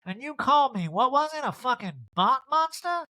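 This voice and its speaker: A blunt, sarcastic socialite, as a man puts her on, with his voice lifted and each line jabbed out emphatically. It swings up and down lively, recorded dry and close. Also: extremely high pitch, normal speed, no echo, pitched above the performer's own voice, heavily acted. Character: blunt, sarcastic reality-TV woman.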